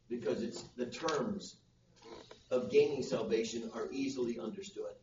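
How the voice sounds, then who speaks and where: A man's voice: mid-range voice, normal speed. A man preaching a sermon at a church service, driving home numbered points with rising emphasis. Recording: roomy, distant, dull with faint noise.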